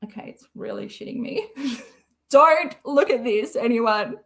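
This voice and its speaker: A woman's voice: on the high side, expressive, slow, fairly bright tone. A woman hosting a casual live stream, rambling and sarcastically mocking as she comments.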